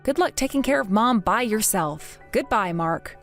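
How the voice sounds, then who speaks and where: A tired grown daughter, voiced by a woman, speaks bluntly and coldly, her pitch moving a lot. She sounds firm and done with her family's demands. Faint music plays underneath. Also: expressive, moderate pace, a bit bright. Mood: stunned. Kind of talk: text-story voice acting.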